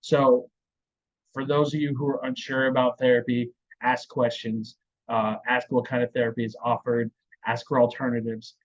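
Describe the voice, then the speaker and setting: A man hosting a conversational podcast interview, with a voice of middle pitch. He speaks in a measured way, pausing on fillers as he asks his questions. The recording sounds dull and lo-fi. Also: level tone. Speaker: podcast host.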